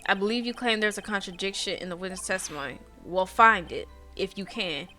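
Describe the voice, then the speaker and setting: A woman's voice: medium pitch, fairly quick, sharp tone, soft background music, natural voice. A woman voicing a stern, arrogant older male prosecutor, reading his lines in a haughty, clipped way.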